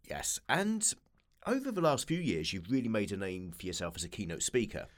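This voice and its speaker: A man's voice: lowish voice, huge pitch swings, a little fast. A man hosting an interview, asking questions and dropping short dry quips. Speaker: interviewer host. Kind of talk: casual interview chat.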